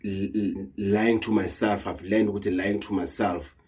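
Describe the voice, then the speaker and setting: South African man, deep voice, slightly husky, heated earnest monologue, mixes in Zulu phrases. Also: steady tone, unhurried, a little mellow. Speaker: traditional healer. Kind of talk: emotional monologue to camera.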